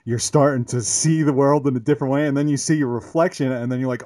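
A man hosting a movie podcast. He talks haltingly and keeps restarting his phrases. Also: medium pitch, warm tone, dry recording, studio quality. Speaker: podcast host. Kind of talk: casual podcast chat.

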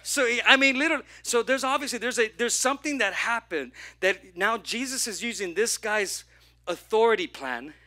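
Speaking at a moderate pace in a voice that sits high, a male pastor delivers an energetic church sermon. He plays the characters in his story and asks the congregation questions.

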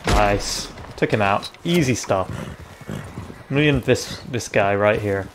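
A young man chatting casually over his gameplay, reacting out loud and swearing freely. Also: lowish voice, slow pace, background noise. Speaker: gaming video creator.

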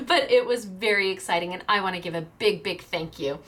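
A woman hosting a chatty craft video, bubbly and excited, often breaking into laughter. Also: mid-range voice, normal speed, long pauses. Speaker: craft shop owner and video host.

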